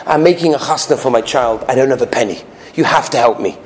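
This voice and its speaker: A man's voice: medium pitch, quick pace, pitched below the performer's own voice, lightly acted. A man voicing a desperate poor man begging an old friend for help. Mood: pleading. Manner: pleading, downcast. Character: poor middle-aged man, desperate and pleading.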